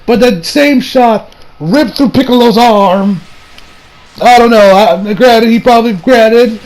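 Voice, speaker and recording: A man with a fairly high voice recapping an anime episode in an off-the-cuff way. He trails off and backtracks, using lots of slang and casual swearing. He sounds excitable throughout. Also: takes it slowly, low-quality recording. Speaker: anime reviewer.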